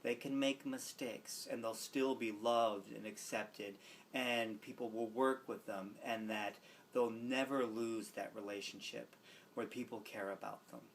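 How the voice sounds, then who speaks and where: A man's voice: mid-range voice, fairly even intonation, a little slow, slight background noise. Earnest young man telling a story. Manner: earnest, reflective, with soft quoted asides. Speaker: student teacher. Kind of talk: personal storytelling.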